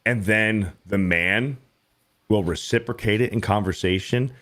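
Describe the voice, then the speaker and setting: A man's voice: a little slow, a bit bright. Blunt, profane man hosting a podcast. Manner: blunt, profane, mimics others in high mocking voices. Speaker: podcast host. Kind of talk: casual podcast chat.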